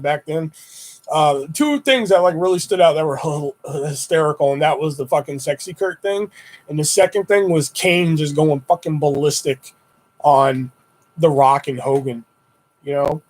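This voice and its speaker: A young man with a high, light voice hosts a casual livestream, chatting to viewers through a desktop mic. He rambles and swears freely, and his voice leaps up whenever he acts out what he said in a story. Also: moderate pace, rough recording. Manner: animated retelling with high-pitched quoted exclamations. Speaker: livestream host. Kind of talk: casual live-stream chat.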